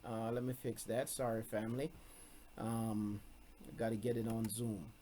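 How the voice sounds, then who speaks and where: A man's voice: lowish voice, little pitch movement, normal speed, dark tone, slight background noise. Guy teaching scripture, hammers his points, says them over and over. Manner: emphatic, repeats key points. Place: room, streamed on video call.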